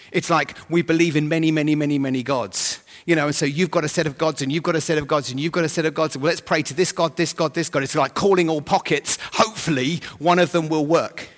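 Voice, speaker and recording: A man preaching a sermon, humorous and animated, with sudden loud bursts of emphasis. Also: on the high side. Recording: long hall reverb.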